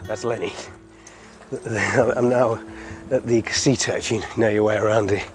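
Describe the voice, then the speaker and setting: A man's voice: on the low side, fairly even intonation, moderate pace, over loud music. A middle-aged man hosting a community podcast outdoors, walking a hillside road and chatting casually with frequent chuckles.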